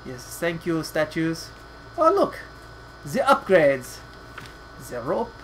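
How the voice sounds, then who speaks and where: A man hosting a let's play, joking, laughing often, swearing freely and ranting, sometimes reading game text aloud slowly and dramatically. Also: fairly high pitch, wildly swooping pitch, fairly bright tone, a little hiss or hum, rough recording. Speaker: gaming channel host.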